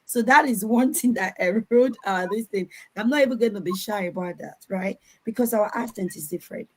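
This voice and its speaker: A woman speaks on a video call, earnest and advising. Her pitch sits in the middle of the range. She sometimes repeats words as she searches for what to say next. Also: a little fast, a little mellow, poor audio. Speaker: conference panelist. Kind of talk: advice talk on an online panel.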